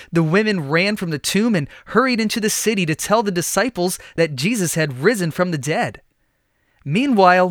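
A man narrating a Bible story in an expressive, scripted storytelling style. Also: a little high, no room sound, studio quality.

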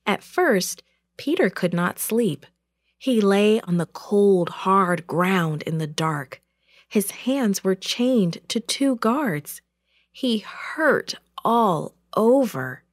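A woman reads a children's story aloud, slowly and clearly. Her pitch moves a lot as she makes the story vivid. The recording is dry and close, with no room sound. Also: dry recording. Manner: slow and expressive.

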